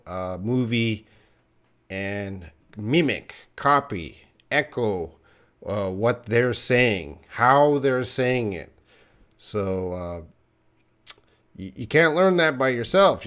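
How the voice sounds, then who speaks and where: A young man teaching English on a live stream, reading viewers' questions aloud and answering them in an encouraging way. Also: mid-range voice. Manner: encouraging, talks straight to viewers, repeats names.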